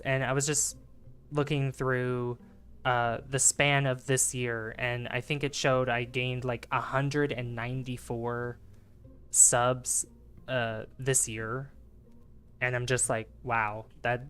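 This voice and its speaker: A man's voice: mid-range voice, a bit bright, clean tone. A man casually commenting on a space game during a livestream, chatty and rambling, greeting his chat. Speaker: gaming livestreamer. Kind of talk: casual live gameplay commentary.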